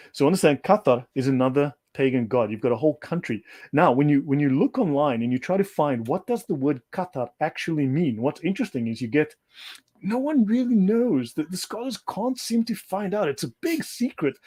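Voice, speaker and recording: A man's voice: mid-range voice, a little mellow. Guest on a livestream: an emphatic man who lectures and circles back to repeat his points, mid-range voice. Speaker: guest speaker. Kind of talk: livestream discussion.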